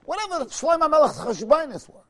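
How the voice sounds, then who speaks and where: A man's voice: very high voice, animated, very fast, bright, forceful tone. A man teaching a Talmud lecture, asking rhetorical questions and pressing points with sudden emphasis, weaving Hebrew and Aramaic terms into his English.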